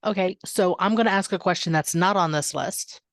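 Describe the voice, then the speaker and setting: A podcast co-host in a heartfelt chat, with a mid-pitched voice. The sound is close and dry. This co-host listens closely, agrees often and asks thoughtful questions. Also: brisk, dry recording. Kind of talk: casual heartfelt conversation.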